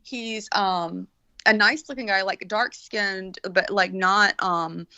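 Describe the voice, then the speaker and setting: A woman's voice: medium pitch, fairly even intonation, slow pace, pushed and bright, no echo, lo-fi sound. A woman telling stories in casual chat, rambling with lots of restarts. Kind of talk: casual storytelling.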